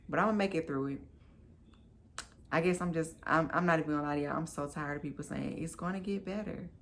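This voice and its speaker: A woman in her thirties talks to her camera as a vlogger, telling a personal story in a candid, chatty, emphatic manner. Her voice sits fairly low for a woman, and a faint hiss runs under it. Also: creaky. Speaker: vlogger and new mom.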